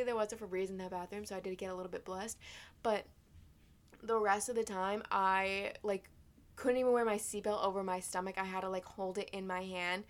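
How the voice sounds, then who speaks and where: Profane, animated young woman telling a story. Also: mid-range voice. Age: 20s. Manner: animated, profane, loose storytelling with many fillers. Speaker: vlogger. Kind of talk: casual storytime vlog.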